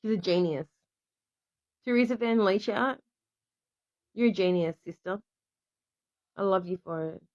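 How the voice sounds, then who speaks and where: A woman's voice: medium pitch, unhurried, long pauses, a little mellow, dry recording. An Australian woman hosting a casual stream, reading aloud to viewers and often stopping to apologize and restart. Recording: dry, slightly dull lo-fi sound.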